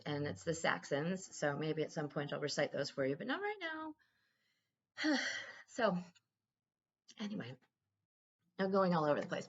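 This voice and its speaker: A woman's voice: low-pitched, creaky, muffled recording. A woman talking candidly in a casual personal vlog, rambling and swearing freely. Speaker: vlogger.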